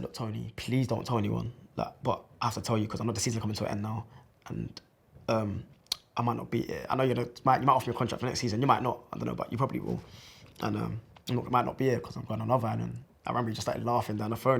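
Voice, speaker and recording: Young man, rapid casual storytelling, husky gravelly tone. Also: medium pitch, fairly bright tone. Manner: chatty, loose, peppered with slang fillers. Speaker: former footballer telling his story.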